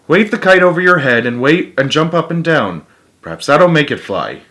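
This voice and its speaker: A man's voice: a little high, very animated, normal speed, a bit bright, pitched above the performer's own voice. A man voicing a patient, encouraging male frog who coaxes his friend and tells spooky stories.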